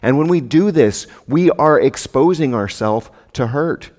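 A man's voice: medium pitch, lively intonation, a little slow, a little mellow. A man giving a sermon as pastor, speaking conversationally with rhetorical asides to his congregation. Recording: long reverb of a large hall.

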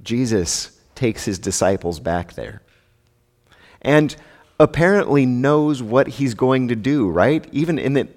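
A man's voice: mid-range voice, lively intonation, a little slow, a little mellow. A man giving a sermon as pastor, speaking conversationally with rhetorical asides to his congregation. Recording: long reverb of a large hall.

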